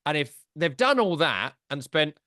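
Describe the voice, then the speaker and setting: A man's voice: a little high, sing-song, normal speed, sharp tone, dry recording, clean studio sound. A man co-hosting a football podcast, talking in a casual, wry and teasing way. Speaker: podcast co-host.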